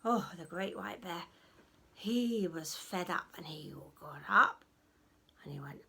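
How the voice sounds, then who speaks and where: Animated woman storyteller for children. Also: lowish voice, slow pace, vocal fry, very noisy. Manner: animated, audience-prompting, drops to whispers.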